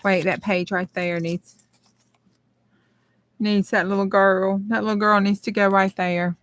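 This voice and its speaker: A woman's voice: medium pitch, level tone, a little slow, no echo. A middle-aged woman with a Southern American accent, hosting a casual crafting livestream and thinking aloud as she arranges journal pages. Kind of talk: casual live-stream chat while crafting.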